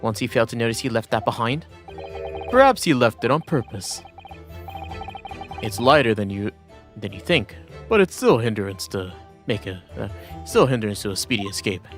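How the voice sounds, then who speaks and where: A man's voice: medium pitch, expressive, normal speed, long pauses, soft background music. Guy streaming a game, reads the lines out, trips over words, faint bgm. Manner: casual asides, stumbles and restarts. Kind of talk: reading game dialogue aloud on a livestream.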